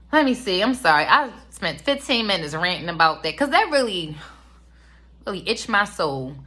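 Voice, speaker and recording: A woman's voice: fairly low pitch, a bit bright. A woman in her thirties giving a rambling, casual review of a reality show, with lots of fillers. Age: 30s. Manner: chatty, rambling with many fillers. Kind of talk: casual commentary.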